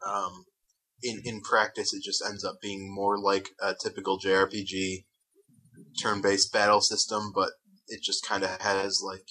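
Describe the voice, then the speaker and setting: A man's voice: low voice, little pitch movement, unhurried, bright, forceful tone, husky, rough recording. A man co-hosting a gaming podcast, rambling in an easygoing way with lots of fillers. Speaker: podcast co-host. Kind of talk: casual podcast chat about video games.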